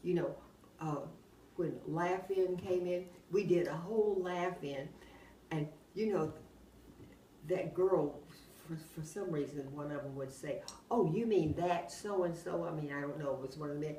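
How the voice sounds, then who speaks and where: An older woman, telling rambling anecdotes in a casual, animated way and often laughing as she talks. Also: deep voice, measured pace. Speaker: oral history interviewee. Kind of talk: casual storytelling. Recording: roomy, distant mic, faint background hum.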